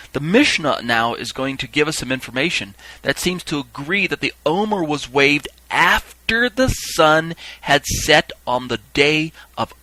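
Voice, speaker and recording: A man's voice: mid-range voice, pushed and bright, low-quality recording. A man teaching a Bible lesson for a podcast, explaining as he goes, often checking in with listeners and using fillers.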